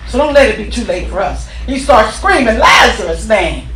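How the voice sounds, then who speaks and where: A woman minister preaching an impassioned sermon, telling the story with rising shouts, in a church sanctuary. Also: fairly high pitch, big pitch swings, normal speed, few pauses, a little hiss or hum. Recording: echoey church from far off.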